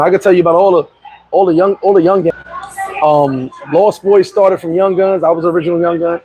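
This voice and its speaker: A middle-aged man telling a story casually on a livestream, boastful and animated, laughing and swearing often. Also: high-pitched, breathy edge, rough recording. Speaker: vlogger.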